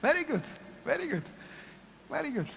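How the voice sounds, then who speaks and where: A man's voice: extremely high pitch, big pitch swings, moderate pace, gravelly, a bit bright. A man with a Russian accent teaching a dance workshop, chanting cue words in rhythm and checking in with "yes?" as he goes. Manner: coaching rhythmically, repeats cue words, asks "yes?" often. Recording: long hall reverb, faint room noise.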